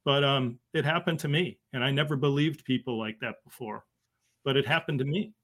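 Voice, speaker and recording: A man, telling a personal story as a guest, halting and emotional with many restarts. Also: mid-range voice, a bit bright. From Boston area. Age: 50s. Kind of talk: conversational storytelling.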